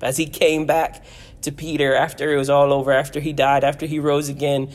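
A man's voice: fairly high pitch, level tone, a little fast. A man preaching a sermon as pastor, earnest and repetitive, his delivery swelling and dropping for emphasis.

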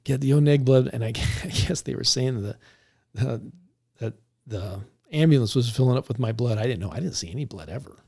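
A man, a police officer, recounting a story in a relaxed conversational way, laughing now and then as he talks. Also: mid-range voice, fairly quick, vocal fry, slightly rough. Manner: animated, laughs while recounting.

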